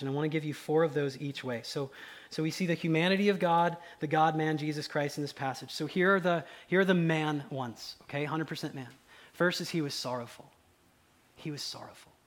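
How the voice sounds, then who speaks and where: Man preaching, soft to fervent. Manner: conversational preaching, shifts between soft low asides and loud excited acted quotes. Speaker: pastor. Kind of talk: sermon.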